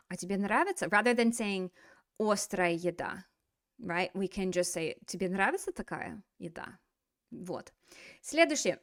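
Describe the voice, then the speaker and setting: A woman's voice: mid-range voice, dry recording, clean studio sound. A woman teaching Russian in a casual video lesson, switching between English explanations and playful acted-out Russian phrases. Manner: lively, playful, acts out example phrases in Russian.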